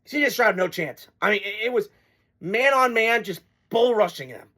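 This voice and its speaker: A man's voice: sits high, lively intonation, normal speed, bright, forceful tone. A man hosting a casual football reaction vlog, blunt and rambling, swearing freely as he gives his takes. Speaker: sports commentator host.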